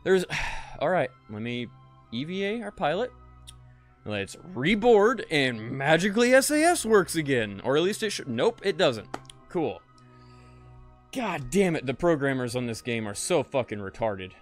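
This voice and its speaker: A man's voice: a little high, very animated, normal speed, soft background music. A young man streaming a space game, talking to chat and muttering in frustration, swearing often. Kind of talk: casual live-stream commentary.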